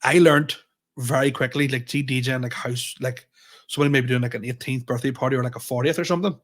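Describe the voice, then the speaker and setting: A man's voice: medium pitch, steady tone, fast. A man co-hosting a comedy podcast, telling rambling, sweary anecdotes full of restarts. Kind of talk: casual storytelling chat.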